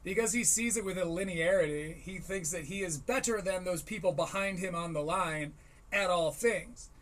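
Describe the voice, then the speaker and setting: High-voiced rambling podcast host. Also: male voice, normal speed, fairly bright tone. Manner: rambling, riffing and wry. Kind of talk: casual comedy commentary and reading aloud. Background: faint harp music.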